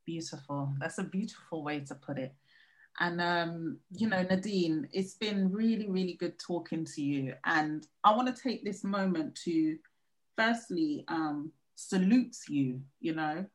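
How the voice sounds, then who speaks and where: A woman's voice: on the low side, a little slow. Effusive woman podcast host. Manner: warm effusive praise, many "you know" fillers. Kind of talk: podcast interview.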